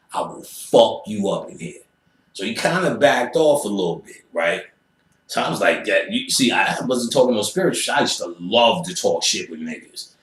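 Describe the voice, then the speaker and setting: An interviewee with a lowish, fairly bright voice energetically tells a profane story, acting out others' voices and adding sound effects. Roomy echo surrounds the recording.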